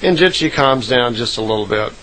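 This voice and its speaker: A man's voice: mid-range voice, lively intonation, brisk, fairly bright tone, a little hiss or hum, low-quality recording. A man casually retelling a recorded account, rambling with frequent "uh" fillers and self-corrections.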